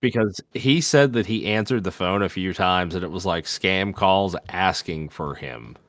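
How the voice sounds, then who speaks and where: A man's voice: deep voice, measured pace, a bit bright, no room sound. A man co-hosting a podcast, telling a story in a loose, laid-back casual chat with fillers and the odd swear. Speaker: podcast co-host.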